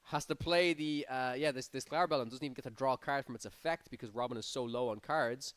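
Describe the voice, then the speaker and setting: A man's voice: medium pitch, quick pace, fairly bright tone, clear, resonant tone, no room sound. A man giving live play-by-play commentary on a card game tournament, his energy rising on big plays. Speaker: tournament caster.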